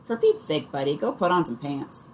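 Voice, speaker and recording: A woman's voice: medium pitch, moderate pace, slight background noise, pitched above the performer's own voice, natural voice. A woman doing an exasperated scolding mother.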